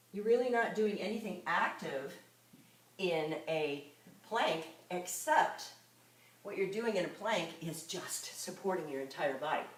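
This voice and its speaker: A woman fitness instructor leading a live exercise class, coaching moves and counting reps aloud. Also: lowish voice. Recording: echoey room, mic far off.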